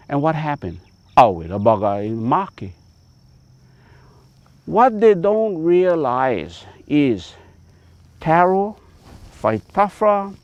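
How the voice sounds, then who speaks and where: A man speaking with a Hawaiian Pidgin accent, teaching out on a farm in a folksy, emphatic way. His fairly high voice rises and falls with great animation. The sound is dull and dry. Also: a little mellow, no echo. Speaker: farmer. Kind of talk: outdoor teaching talk. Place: outdoors on a taro farm.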